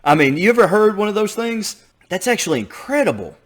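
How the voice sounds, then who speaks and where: A man hosting a reaction video, excitable and self-deprecating while trying to sing bass. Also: fairly quick. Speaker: video host reacting to a lesson. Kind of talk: casual reaction commentary.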